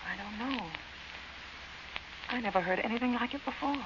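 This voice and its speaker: An actress playing a frightened young woman camping by a well, speaking in a hushed, uneasy voice in a 1940s radio drama. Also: a little high, moderate pace, lo-fi sound, lightly acted. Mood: puzzled. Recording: hissy old radio recording, slightly distant.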